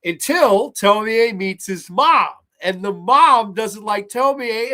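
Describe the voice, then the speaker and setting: A man's voice: high-pitched, takes it slowly, hardly any pauses. A man hosting a horror movie show, retelling film scenes casually with lots of swearing and acted-out lines. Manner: animated, profane, acts out scenes in voices. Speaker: horror podcast host.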